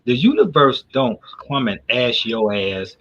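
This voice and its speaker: Bright-voiced man telling a profane story. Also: mid-range voice, sing-song, unhurried, lo-fi sound. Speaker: business owner. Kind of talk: casual talk show discussion.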